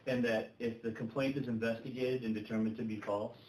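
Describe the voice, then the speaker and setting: A man giving a formal warning as a police officer, in a steady, official manner. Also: mid-range voice, fairly quick, echoey room, a little hiss or hum, low-quality recording.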